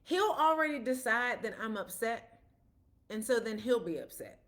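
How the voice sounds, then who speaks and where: A woman's voice: fairly high pitch, lively intonation, normal speed, fairly bright tone. A woman, a parent, giving a casual explanatory talk about autism, telling stories with quoted dialogue in a conversational way.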